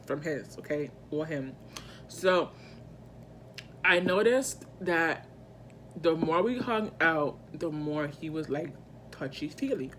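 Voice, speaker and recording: A woman vlogger telling a personal story in casual storytime style, animated and slangy, with emphatic asides to her viewers. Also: low-pitched, slow pace, long pauses, slight background noise.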